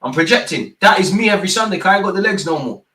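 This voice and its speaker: A lively man commentating a football match live from home, his voice swinging wildly from low grumbles to yelps. He talks in a slightly raised register, swears often and shouts at the players and referee in heavy street slang. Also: very fast, husky. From England. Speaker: football watchalong host.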